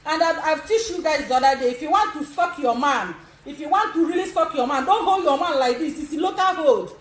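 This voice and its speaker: Speaking fairly quickly in a high voice, this sixty-something woman with a Nigerian accent hands out bold instructions on a social media live demo. She laughs often, and the echo of the room carries through.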